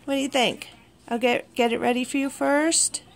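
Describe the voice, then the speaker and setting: High, gravelly-voiced woman cooing to pets. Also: steady tone, moderate pace. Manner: coos to her animals in a soft, doting voice. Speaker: pet owner vlogger. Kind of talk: casual talk to pets and viewers. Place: at home indoors, early morning.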